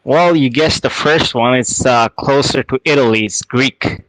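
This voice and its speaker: A man from Canada calling into a talk show, teasing and relaxed as he chats. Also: medium pitch, unhurried, no room sound, rough recording. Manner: teasing, laid-back. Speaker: caller. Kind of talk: casual chat.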